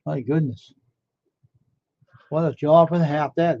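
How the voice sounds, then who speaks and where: A man's voice: a little high, unhurried, long pauses, no echo. A man chatting casually on a live stream, rambling and amazed, firing off one question after another. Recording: dull lo-fi dry sound.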